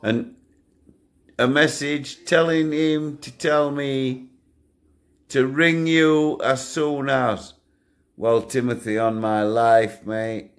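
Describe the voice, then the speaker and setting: A man's voice: medium pitch, flat delivery, takes it slowly, pauses often. An older man, talking bluntly to his channel's viewers, swearing freely and chuckling through his stories. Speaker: channel owner. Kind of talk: casual rambling monologue to viewers.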